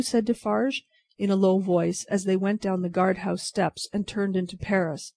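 A narrator giving a steady, even audiobook reading of a classic novel for English learners. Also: mid-range voice, moderate pace, dry recording.

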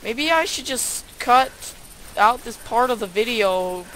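A woman's voice: a little high, lively intonation, measured pace, a bit bright, a little hiss or hum, rough recording. A woman giving casual, sarcastic let's-play commentary, grumbling and talking to herself as she plays. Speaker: gaming YouTuber.

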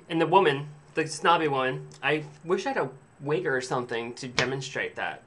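A man's voice: fairly high pitch, fairly quick, a bit bright, slight background noise. A man telling a rambling, sarcastic story to camera in a casual vlog, swearing freely. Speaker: vlogger.

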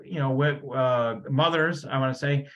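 A man's voice: medium pitch, normal speed, a bit bright. A man hosting a spiritual podcast, talking in a rambling, casual way with many restarts. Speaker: podcast host. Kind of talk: casual conversation. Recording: dull lo-fi sound.

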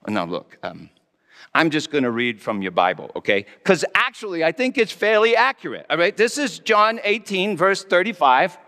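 A male pastor preaching a dramatic first-person monologue, speaking in character as a Roman governor with a theatrical, halting delivery. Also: a little high, sing-song, sharp tone. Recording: long reverb of a large hall.

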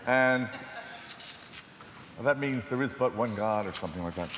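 A man speaking on stage as a photojournalist, telling war stories in an animated, self-deprecating way. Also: mid-range voice, moderate pace. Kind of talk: storytelling talk on stage. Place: large theatre hall. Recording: distant reverberant hall, faint noise.

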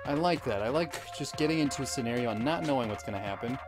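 A man giving let's play commentary, rambling with deadpan absurd jokes. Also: medium pitch, quick pace, music in the background. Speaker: gamer.

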